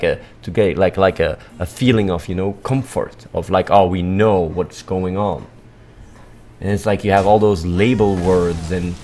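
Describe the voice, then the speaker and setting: Rambling, blunt man with a low voice. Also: a little mellow, a little hiss or hum. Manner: rambling, repetitive, lots of filler and restarts; blunt, swears casually. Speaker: livestream host. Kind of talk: casual livestream monologue.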